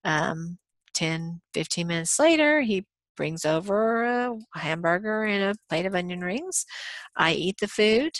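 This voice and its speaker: Woman giving a recorded law lecture, kinda low voice, lots of um and uh, super dry sound. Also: animated, a little slow, no room sound. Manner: conversational, many ums and uhs, acts out quoted dialogue. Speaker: college law instructor.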